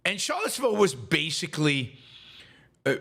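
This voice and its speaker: A middle-aged man hosting a political commentary show, talking in a halting way with many fillers and restarts, indignant and emphatic. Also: a little high, sing-song, gravelly, a bit bright. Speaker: podcast host.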